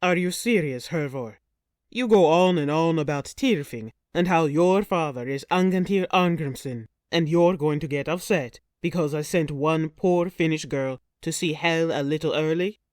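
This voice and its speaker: A woman's voice: deep voice, normal speed, a little mellow, no room sound, clean studio sound, pitched below the performer's own voice, close to an everyday voice. A woman voicing a callous male Viking slave trader who speaks in a cold, mocking, blunt way.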